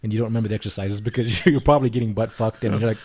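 A man's voice: lowish voice, fairly even intonation, rapid-fire, a little mellow. A man co-hosting a podcast in casual chat, firing off questions and crude jokes. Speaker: podcast co-host.

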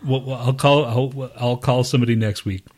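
A man's voice: mid-range voice, steady tone, moderate pace, a little mellow. A man co-hosting a podcast in crude casual banter, swearing and laughing often as he teases. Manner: profane, teasing, laughs often. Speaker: podcast co-host.

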